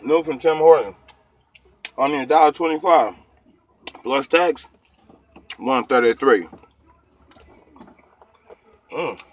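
A man's voice: mid-range voice, a little slow, pauses often, highs cut off. A man in his fifties doing a casual food review vlog, laid-back and chatty with slang.

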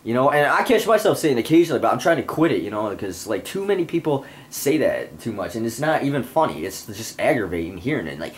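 Game music runs under a young man's profane let's-play rant as he plays, constantly swearing and irritable. His mid-range voice is very animated, quick and leaves few pauses.

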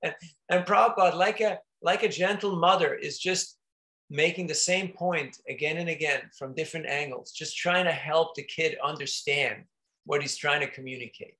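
Bright, gravelly-voiced monk telling stories. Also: male voice, fairly high pitch, normal speed. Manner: conversational, frequent restarts and laughs while telling stories. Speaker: monk giving a talk. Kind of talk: informal spiritual talk with stories.

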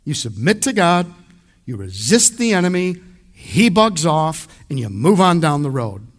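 A man's voice: fairly high pitch, very animated, moderate pace. A man from the United States preaching an expository sermon as pastor, emphatic and conversational, speaking straight to his congregation.

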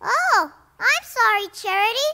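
A woman voicing a sweet, timid little male mouse in a children's musical audio drama, with a gentle, eager delivery. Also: extremely high pitch, lively intonation, a little slow, gravelly, heavy background noise, heavily acted. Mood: eager, meek.

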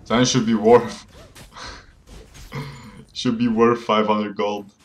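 Laid-back low-voiced male game streamer. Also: flat delivery, takes it slowly. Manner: laid-back, chatty, laughs often, reads chat aloud. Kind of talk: casual live-stream chat with viewers. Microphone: phone game audio with voice mic.

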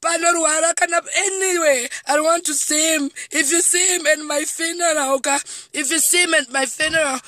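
A woman's voice: high-pitched, steady tone, moderate pace, few pauses, pushed and bright, no echo. A distraught Zimbabwean woman in tears, speaking in a repetitive, pleading outburst on a live video. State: tearful and distraught. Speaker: comedian. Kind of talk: emotional live video monologue. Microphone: phone.

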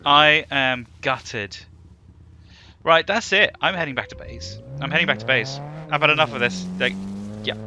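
A man commentating his own gameplay, rambling and self-mocking, with loud sudden exclamations. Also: mid-range voice, lively intonation, normal speed, a little hiss or hum. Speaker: gaming YouTuber.

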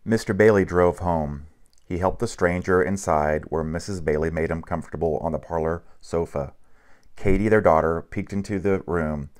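Reading a picture book aloud, this man narrates in a low voice. He keeps an even, unhurried pace, though he stumbles and restarts a few times.

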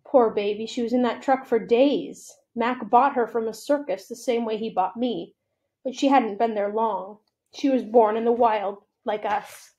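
A woman voicing a gentle, tired older female elephant who speaks softly and slowly. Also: fairly high pitch, natural voice. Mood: weary. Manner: soft, tired, slow.

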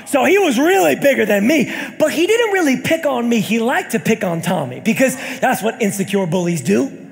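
High, gravelly-voiced shouting young pastor. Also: male voice, big pitch swings, moderate pace. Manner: builds to shouted, sing-song preaching peaks; storytelling with call-outs to the congregation. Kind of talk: sermon. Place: church hall with congregation. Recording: live church hall reverb. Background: congregation.

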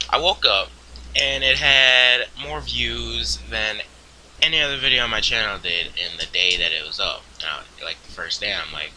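A young man with a low, very bright and tense voice rambles through a profane gameplay commentary. His pitch leaps around a lot as he goes from muttering to shouting at rivals. A faint noise sits under his home recording. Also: expressive, measured pace, rough recording. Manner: crude, profane, swings into loud outbursts. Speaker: gaming video host.

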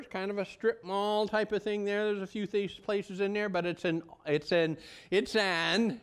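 A man's voice: high-pitched, fairly bright tone, clean tone. A male pastor giving a conversational sermon in a folksy, rambling way, often restarting his sentences and drifting into asides.

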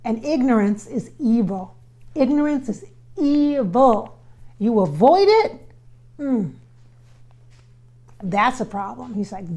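A woman's voice: a little high, lively intonation, slow pace, pauses often, mellow. A woman working as a spiritual medium, relaying a spirit's words in an earnest, casual way and repeating phrases for emphasis while she talks to her viewers. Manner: relays spirit's words in quotes, speaks to viewers as "you guys". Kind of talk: casual channeling session addressed to viewers.

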